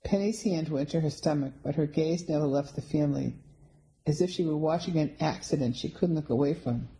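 A woman reading a first-person mystery novel aloud in a wry, even storytelling manner. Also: deep voice, a little fast, poor audio. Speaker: audiobook narrator. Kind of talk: first-person audiobook narration.

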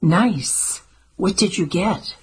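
A woman voicing a clever, earnest young woman in an audiobook, speaking briskly and a little bossily, higher than her own voice. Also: darkish tone, breathy edge, heavily acted. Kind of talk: audiobook character voice.

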